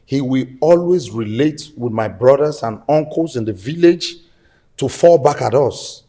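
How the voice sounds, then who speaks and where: A man with a Nigerian accent playing a defensive eldest son who is quick to threaten in a film drama. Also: mid-range voice, expressive, warm tone. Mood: pleading. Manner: threatening, blustering.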